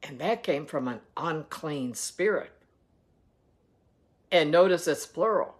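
A woman's voice: low voice, animated, slow pace. A woman reading the Bible aloud and adding earnest devotional commentary that urges listeners to act. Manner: earnest, exhorting. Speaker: Bible reader and devotional teacher.

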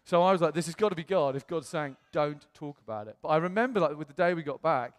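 A man from the United Kingdom preaching in a church, telling his story in a chatty, animated way with self-quotes. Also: a little high, fast. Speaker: pastor. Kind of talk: storytelling sermon. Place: church hall. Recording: long church-hall reverb.

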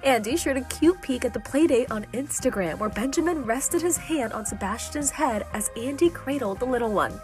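A woman's voice: high voice, animated, moderate pace, hardly any pauses, darkish tone. Upbeat woman reading entertainment news. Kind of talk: scripted news voice-over. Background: faint music bed.

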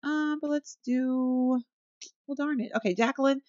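A woman's voice: sits high, fairly even intonation, a little slow, a little mellow, no room sound, lo-fi sound. A young woman giving chatty, casual commentary over her gameplay, talking straight to her viewers and laughing often. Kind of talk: casual let's-play commentary.

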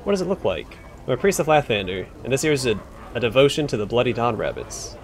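A man doing a gruff, rude pit boss. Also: mid-range voice, sing-song, quick pace, slight background noise, lightly acted. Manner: surly, dismissive.

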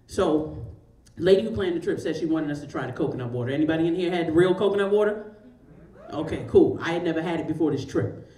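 A woman's voice: deep voice, darkish tone, echoey room, far from the mic. A woman in her forties doing a stand-up comedy set, telling a profane story with big swings of her voice. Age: 40s. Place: comedy show in a large store.

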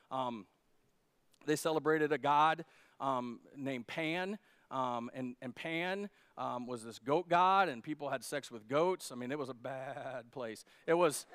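A man's voice: a little high, fairly bright tone, clean tone, no room sound, studio quality. A male pastor preaching a sermon at a church service in a joking, conversational way.

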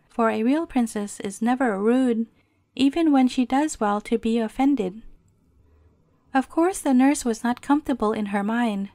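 A woman storyteller reading a bedtime fairy tale in a gentle, measured way. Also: a little high, no echo.

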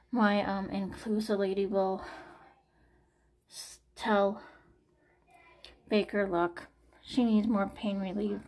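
A woman's voice: medium pitch, a little mellow. A woman in her forties talking anxiously to camera in a personal late-night vlog, sighing often and trailing off. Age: 40s. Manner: anxious, frequent sighs, trailing off. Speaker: vlogger.

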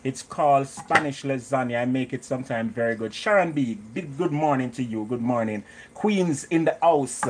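A man's voice: mid-range voice, brisk, hardly any pauses. Jamaican man, cooking stream host, chatty, greets viewers, home kitchen, faint background noise. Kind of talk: live cooking stream chat.

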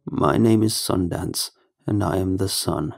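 A man putting on a croaking, creepy sun being. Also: low voice, a little mellow, full character voice. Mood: creepy coaxing. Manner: slow, drawn-out, coaxing. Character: creepy gaunt male sun being, cold and insistent. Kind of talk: horror story reading.

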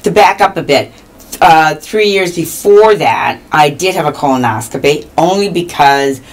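Low-voiced woman in her fifties from Iowa. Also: a little slow. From Iowa, US Midwest. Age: 50s. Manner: animated, acts out quoted dialogue. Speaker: guest. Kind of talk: casual interview storytelling.

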